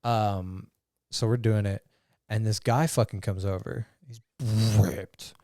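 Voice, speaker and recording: A man's voice: fairly low pitch, fairly even intonation, slow pace, dark tone, no room sound, studio quality. A man co-hosting a podcast in casual chat. He tells stories with crude jokes and laughs as he goes. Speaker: podcast co-host.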